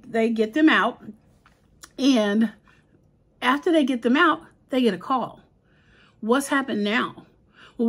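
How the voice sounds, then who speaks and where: A woman recapping a crime drama episode in a chatty, animated way, slipping into the characters' quotes with casual slang. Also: a little high. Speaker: TV episode reviewer.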